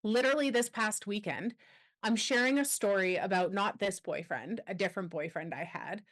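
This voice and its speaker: A mid-pitched woman speaking as a guest on a podcast. She tells a personal story candidly, acting out what others said to her along the way. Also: normal speed, a bit bright. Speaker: guest, anti-trafficking expert.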